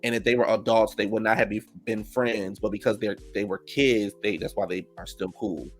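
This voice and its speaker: A man casually recapping a reality TV episode, gossipy and profane, reacting loudly to the drama. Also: fairly low pitch, steady tone, normal speed.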